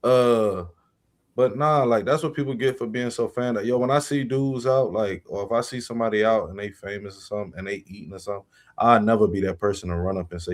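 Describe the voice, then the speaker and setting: A man's voice: on the low side, fairly even intonation, fairly quick. A man on a talk show panel, giving slangy, rambling opinions with lots of "you know what I'm saying". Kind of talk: casual talk show commentary.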